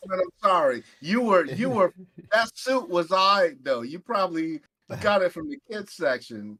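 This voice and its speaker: A man hosting a casual podcast chat, loud, profane and joking with his friends. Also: high-pitched, a little slow, a little hiss or hum. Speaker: podcast host.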